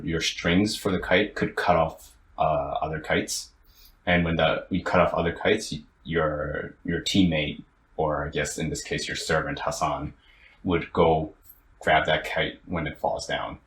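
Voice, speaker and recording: A young man co-hosting a podcast, retelling a story in casual chat with lots of restarts and fillers. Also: a bass voice. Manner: animated, halting storyteller with many restarts. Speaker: podcast co-host. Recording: roomy, with faint ambient noise.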